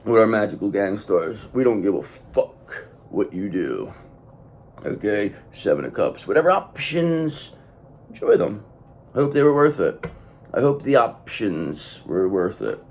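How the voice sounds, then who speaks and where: A man's voice: on the low side, very animated, measured pace, gravelly, darkish tone, a little hiss or hum. A man giving a blunt, profane tarot reading to his viewers, hammering points home by repeating the same phrase. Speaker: tarot reader.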